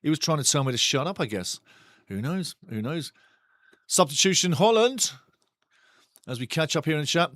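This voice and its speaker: A man hosting a live football watchalong, calling the match excitedly and reading chat messages aloud. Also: fairly high pitch, moderate pace, pauses often, no room sound, clean studio sound. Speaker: watchalong host. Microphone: studio mic.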